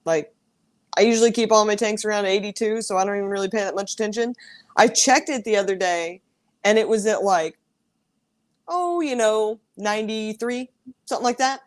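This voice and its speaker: A woman hosts a relaxed livestream and chats in a loose, rambling way. She sounds upbeat and talkative. Her voice sits at an ordinary middle pitch. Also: a little fast. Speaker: host. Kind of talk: casual livestream chat.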